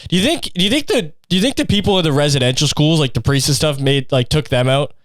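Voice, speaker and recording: A man's voice: a little high, animated, fast talker, dry recording, clean studio sound. A young man hosting a solo podcast, rambling crudely with constant profanity. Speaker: podcast host. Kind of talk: casual solo podcast rant.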